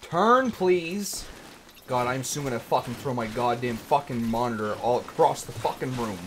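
A man's voice: mid-range voice, steady tone, a little fast, a little hiss or hum, low-quality recording. A man streaming a game, ranting and cursing with mounting irritation as he plays. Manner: swears a lot, irritated and ranting. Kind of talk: frustrated gameplay commentary.

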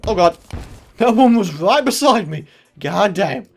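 Young guy, let's play commentary, excitable, laughs a lot, yells when stuck. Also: high-pitched, measured pace, gravelly, a little hiss or hum. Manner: excitable, shouts when in trouble, laughs often. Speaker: gaming channel host.

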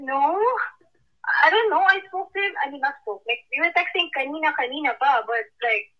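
Brief: young woman on a call, high voice, flustered, full of fillers. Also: expressive, brisk, muffled recording. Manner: flustered, stammering with many fillers. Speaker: prank call target. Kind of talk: casual phone conversation.

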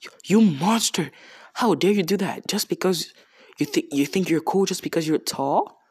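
A man's voice: fairly high pitch, normal speed, darkish tone, husky. A young man doing an indignant accusing hero. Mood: outraged.

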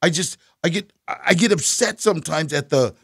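An older man in his seventies, a guest in a casual interview, telling stories with laughter and acted-out quotes in a husky voice. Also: a little high, lively intonation, normal speed, fairly bright tone, no echo, clean studio sound. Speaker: guest actor.

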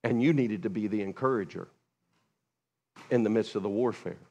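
A man preaching a sermon as pastor, lively and conversational, acting out quoted voices with sudden high jumps and dropping low and quiet for asides. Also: moderate pace, muffled recording. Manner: animated, acts out quoted voices with big pitch jumps; drops to a hushed, low voice for asides.

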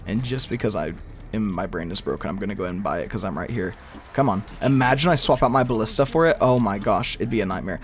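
Talking over his gameplay as he plays, a young gaming creator rambles to himself and now and then blows up in exasperation. He has a mid-range voice, animated and quick.

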